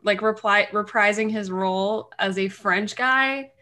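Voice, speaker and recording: A woman's voice: medium pitch, a little slow, pushed and bright. A woman co-hosting a podcast over a call, chatty and giggly, rambling with many fillers. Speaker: podcast co-host. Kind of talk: casual chat. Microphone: remote call mic.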